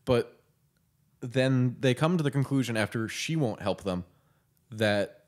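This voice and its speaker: A man's voice: medium pitch, expressive. A man co-hosting a film podcast, making joking, sarcastic remarks about the movie. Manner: joking, sarcastic, quick asides. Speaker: podcast co-host. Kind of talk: film commentary chat.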